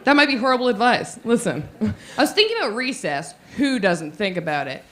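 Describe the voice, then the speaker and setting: A woman's voice: a little high, big pitch swings, fairly quick, fairly bright tone. A woman in her thirties performing a stand-up comedy set, playful and giggly, acting out quotes in silly voices.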